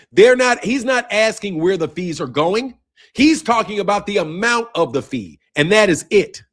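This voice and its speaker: A man's voice: high-pitched, fairly bright tone. A young man hosting a boxing livestream, arguing heatedly with viewers in chat and tacking "bro" onto his lines. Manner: combative, ranting at chat, repeats "bro". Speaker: boxing channel host.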